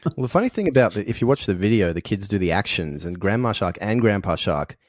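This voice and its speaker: A man's voice: on the low side, animated, quick pace, no echo, studio quality. A man co-hosting a comedy podcast, making wry asides and laughing easily in the banter. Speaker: podcast co-host.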